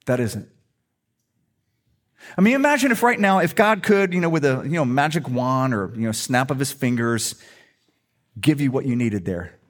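A man's voice: medium pitch, expressive, brisk. A middle-aged male pastor preaching a sermon in a humorous, conversational storytelling way.

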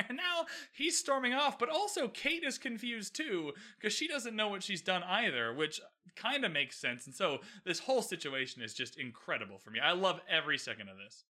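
A man giving a casual, animated recap of a TV episode, laughing often and acting out the characters' lines. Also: high voice, a little fast. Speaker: show recap vlogger.

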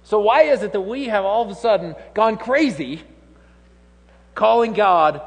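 A man's voice: high-pitched, expressive, moderate pace, pauses often. A man in his thirties preaching a humorous, conversational sermon with laughing asides. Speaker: pastor. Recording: long hall reverb.

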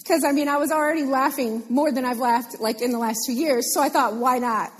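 A woman preaching a sermon in a lively, animated way, repeating phrases for emphasis. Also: high voice, fairly quick. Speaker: pastor. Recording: long hall reverb.

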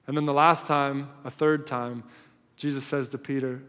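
Preacher with a ringing hall echo. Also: male voice, medium pitch, fairly even intonation, moderate pace, clean tone. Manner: storytelling, swinging between loud and hushed. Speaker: pastor. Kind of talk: sermon.

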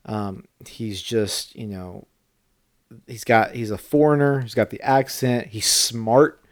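A man's voice: on the low side, steady tone, slow, no room sound, clean studio sound. A middle-aged man co-hosting a podcast in casual chat, talkative and tripping over his words now and then. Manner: chatty, trips over words. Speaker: podcast co-host.

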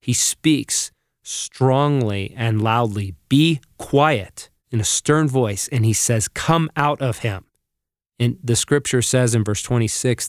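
A man co-hosting a podcast, earnestly teaching through Bible passages and reading scripture aloud at a slow, deliberate pace. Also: mid-range voice, no echo, studio quality. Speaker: podcast co-host.

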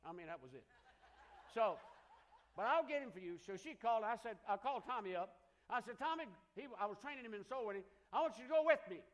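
A man's voice: high-pitched, fast. An older man with a Southern accent preaching a sermon, telling stories and calling for amens from the congregation. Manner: storytelling preacher with call-and-response amens. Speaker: pastor.

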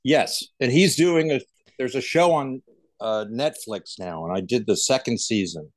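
A man's voice: medium pitch, measured pace, no echo. An actor guest talking casually, laughing often and wandering through his stories. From United States. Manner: laughing, rambling, self-correcting. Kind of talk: casual interview chat.

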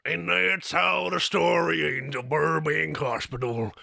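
A man giving slow, mock-grave parody narration to close a comedy sketch. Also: a little high, fairly even intonation, gravelly, pushed and bright, no room sound, full character voice.

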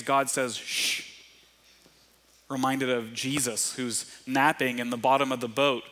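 A man preaches a sermon in a loose, conversational way, tossing in quick asides as he goes. His voice is bright and forceful, sitting at an ordinary middle pitch. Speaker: pastor.

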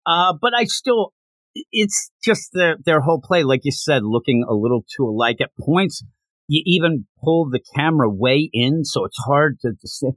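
A man from Pennsylvania, co-hosting a casual podcast about manga. He acts out characters' lines in quick put-on voices. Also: a little high, expressive, a bit bright, dry recording. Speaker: podcast co-host.

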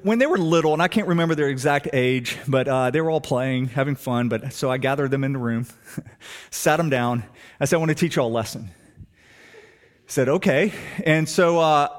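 A middle-aged man, preaching a sermon and telling stories, swinging between hushed and emphatic delivery. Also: medium pitch. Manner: animated storytelling, shifts between hushed and emphatic. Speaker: pastor.

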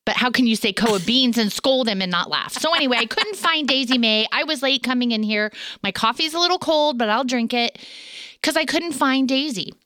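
A woman's voice: fairly high pitch, brisk, bright, forceful tone, no room sound. A middle-aged woman co-hosting a casual faith chat, a chatty storyteller who laughs often. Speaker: podcast co-host.

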